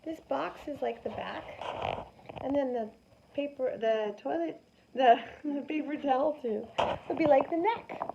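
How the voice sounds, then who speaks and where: A woman teaching a science lesson to children, animated and sing-song, often asking them questions. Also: high-pitched, gravelly. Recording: dull lo-fi sound with faint noise.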